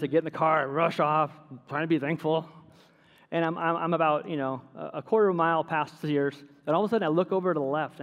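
A middle-aged man preaching a sermon as pastor, telling stories with self-deprecating humor. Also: fairly high pitch. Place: church sanctuary. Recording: long hall reverb.

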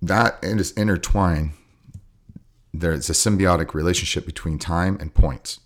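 Deep-voiced Southern man coaching. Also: measured pace. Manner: acts out coaches yelling from the sidelines. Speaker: podcast co-host, BJJ coach. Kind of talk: casual podcast chat.

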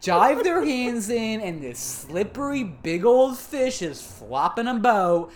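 A woman co-hosting a podcast, casually recapping a cartoon episode with profane, deadpan jokes and lively retelling. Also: a little high, slow pace. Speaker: podcast co-host.

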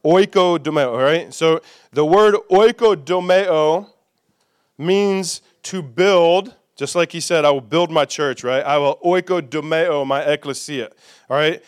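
A man's voice: a little high, normal speed, clean tone. A man preaching a sermon as pastor, conversational and playful, leading the congregation in call-and-response.

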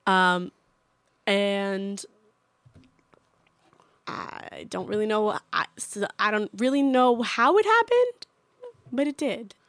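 A woman on a podcast tells a story in a blunt, sarcastic voice with plenty of swearing. Her pitch sits in a middle range. The sound is close and dry. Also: lively intonation, takes it slowly, pauses often, fairly bright tone, dry recording. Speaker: podcast co-host. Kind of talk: casual chat.

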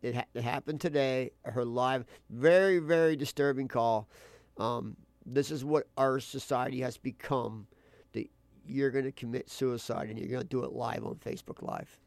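A man's voice: mid-range voice, moderate pace, no room sound. A man hosting a talk radio show, arguing his points in an insistent, argumentative way.

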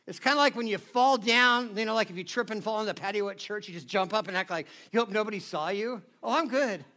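A man with a very high voice preaches in a loose, conversational way. His tone is bright and sharp, and he keeps checking in with the crowd. It sounds like a friendly talk, not a formal lecture. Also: fast talker. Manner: chatty, keeps asking the audience "right?". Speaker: pastor. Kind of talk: casual conversational sermon.

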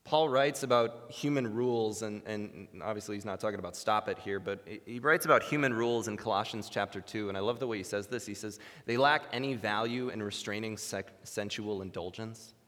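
An earnest male preacher delivering a sermon, climbing into emphatic bursts. His voice is bright and forceful. A long hall reverb follows every phrase. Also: lowish voice, fast talker, few pauses.

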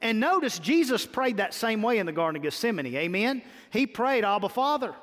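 A male pastor preaching a sermon, repeating phrases and rising to loud exclamations. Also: high-pitched, very animated, fairly quick. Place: church sanctuary. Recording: long hall reverb.

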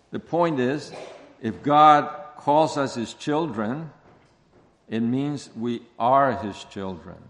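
A man preaching an expository sermon, speaking slowly and deliberately and repeating key phrases for emphasis. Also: medium pitch. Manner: slow, deliberate preaching with stressed repetitions. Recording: long hall reverb.

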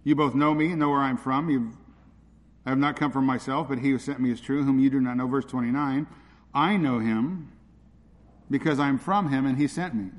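A man's voice: mid-range voice, normal speed. A man preaching an expository sermon, earnest and repeating his points for emphasis. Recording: long reverb of a large hall.

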